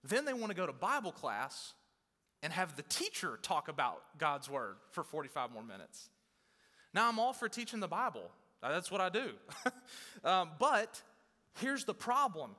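A man's voice: on the high side, very animated, normal speed, sharp tone. A young male pastor preaching a sermon in a casual, conversational way, with emphatic bursts and acted-out quotes of churchgoers. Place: church hall. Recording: long hall reverb.

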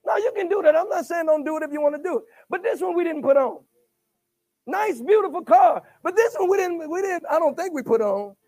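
A man preaching a sermon. He swings between shouted bursts and hushed asides, stuttering on repeated words and calling for replies. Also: extremely high pitch, lively intonation, brisk.

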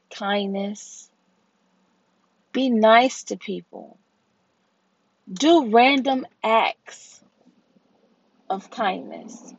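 A woman gives a slow, deliberate inspirational faith talk on her podcast, pausing between phrases like a preacher. Her voice sits a little high and comes across breathy and husky. The recording sounds dull and lo-fi. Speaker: podcast host.

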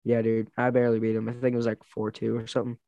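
A young man in casual chat, rambling through a story with plenty of "like" and "um" and bursts of laughter. His voice sits at an ordinary middle pitch, recorded close and dry with no room sound. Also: completely flat delivery, racing, creaky, dark tone, no echo, muffled recording. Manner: rambling, laughing, lots of fillers. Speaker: wrestler telling stories.

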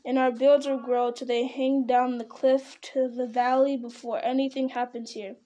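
A woman's voice: high-pitched, little pitch movement, normal speed, warm tone, lightly acted. A woman reading aloud voices an impatient, gloomy male dwarf who complains about their burglar. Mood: grumbling. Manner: complaining, grumbling.

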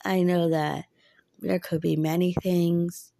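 A woman's voice: lowish voice, little pitch movement, slow pace, vocal fry, warm tone, no echo. A woman in her thirties talking earnestly and chattily about faith and waiting, often laughing. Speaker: podcaster. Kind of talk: personal faith talk.

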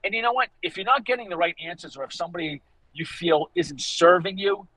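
A man in his fifties with a Boston accent, a fitness coach talking on a podcast, animated and motivational, acting out quoted lines as he tells stories. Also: high voice, brisk, slight background noise, low-quality recording. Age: 50s. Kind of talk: casual podcast conversation.

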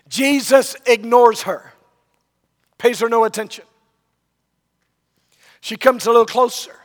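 A man's voice: extremely high pitch, steady tone, a little slow, pauses often. A man preaching a sermon, telling a Bible story dramatically and acting out the voices of its people. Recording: long reverb of a large hall.

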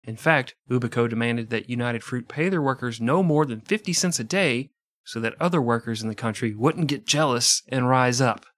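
A man's voice: medium pitch, moderate pace, fairly bright tone, dry recording, clean studio sound. A man narrating history as a podcast host, with profane, jokey asides. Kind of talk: irreverent comedic history narration.

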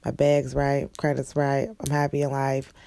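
A woman's voice: extremely low pitch, completely flat delivery, normal speed, vocal fry, noisy background. A young woman ranting bluntly and profanely in a casual monologue. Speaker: vlogger.

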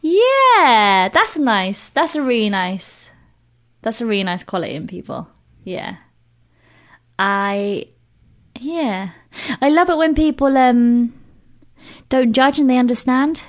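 A British woman in her thirties, a comedian guest in casual podcast chat, animated and swearing freely. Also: on the high side, slow pace, pauses often. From Britain. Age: 30s. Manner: animated, swears freely, acts out quoted voices.

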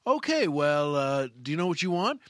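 A man's voice: on the high side, very animated, moderate pace, no echo, studio quality. A man voicing an irritated young waitress who grows more and more fed up. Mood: friendly. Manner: huffy, losing patience.

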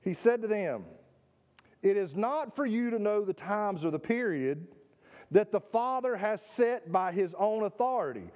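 In a church sanctuary, a pastor whose voice sits high for a man delivers a sermon at a measured pace with a darkish tone. Expressive and emphatic, he doubles words and puts questions to his congregation.

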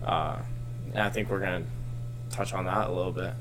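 A man in casual chat who retells a story in a rambling, animated way, full of filler words. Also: low-pitched, a little fast, noisy background.

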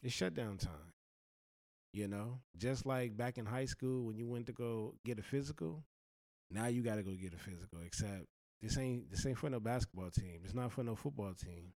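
A man's voice: medium pitch, a little fast, warm tone, no room sound. A man giving earnest, blunt life advice in a slangy, heartfelt monologue.

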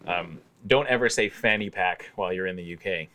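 A man's voice: low voice, fairly quick, bright, forceful tone. A man chatting as a podcast guest, telling stories in an easygoing way with wry humor and plenty of fillers. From Canada. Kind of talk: casual podcast chat.

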